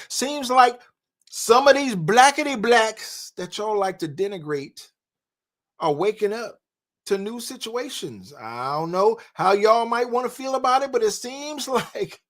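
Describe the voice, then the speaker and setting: A man's voice: high-pitched, fairly bright tone. A man hosting a commentary show, talking in a folksy, preachy way and laughing at himself. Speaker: host.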